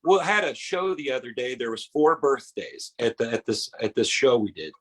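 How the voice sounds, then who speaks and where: A man's voice: mid-range voice, lively intonation, normal speed, a bit bright, poor audio. Guy doing a loose rambling standup set in a bar. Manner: rambling with quoted voices. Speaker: stand-up comedian. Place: bar stage.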